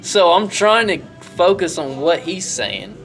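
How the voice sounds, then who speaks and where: A man's voice: high-pitched, big pitch swings, a little slow, fairly bright tone, faint music behind. Laughing young man telling a crude story. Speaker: podcast co-host. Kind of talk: casual storytelling chat.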